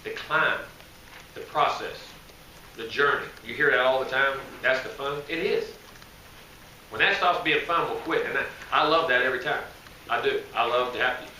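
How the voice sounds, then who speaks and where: A head football coach fields press questions at media day, rambling in a folksy way and correcting himself as he goes. His medium-pitched voice is bright and forceful at a moderate pace. The mic is distant, so he sounds far off in an echoey room with faint noise.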